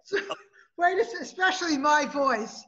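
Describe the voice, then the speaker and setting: A woman's voice: sits high, expressive, a little slow, lo-fi sound, background noise. A woman co-hosting a podcast in casual chat, talking in a scattered, forgetful way. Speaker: podcast co-host.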